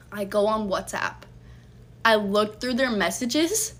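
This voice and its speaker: A woman's voice: fairly high pitch, expressive, brisk, a bit bright, husky. A woman telling a personal story in a casual storytime vlog, blunt and heated, swearing freely as she recounts it. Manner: blunt, profane, heated retelling.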